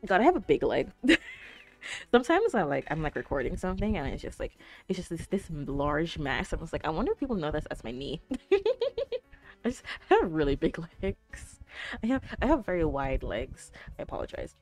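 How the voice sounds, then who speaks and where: A woman's voice: on the low side, huge pitch swings, normal speed, a little mellow, faint music behind. A young woman streaming live, chatting casually with her viewers in a rambling way full of fillers. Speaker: Twitch streamer.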